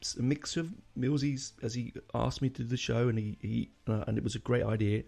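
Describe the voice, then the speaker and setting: A man's voice: medium pitch, a little fast, vocal fry, a little mellow. A man hosting a casual music podcast, rambling and emotional, with lots of fillers and restarts. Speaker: podcast host.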